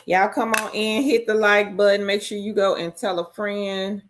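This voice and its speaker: A woman's voice: mid-range voice, fairly even intonation, moderate pace, few pauses. A woman hosting a casual live stream, greeting each viewer by name and reading out their comments.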